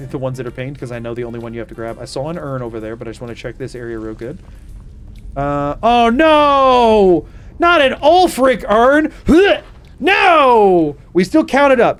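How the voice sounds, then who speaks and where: A man streaming a video game live, reacting with playful mock outrage and chatting with his viewers. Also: medium pitch. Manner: animated, mock outrage, quick asides to chat. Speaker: gaming streamer. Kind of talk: live gameplay commentary.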